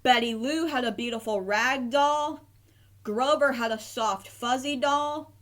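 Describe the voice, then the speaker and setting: Woman, children's storybook reader, slow and gentle, slightly high voice. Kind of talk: children's read-aloud narration.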